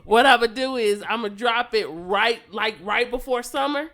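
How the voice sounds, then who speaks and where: Giggly woman with a higher voice. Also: moderate pace, a bit bright. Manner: giggly, playful storytelling. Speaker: podcast co-host. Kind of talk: casual chat.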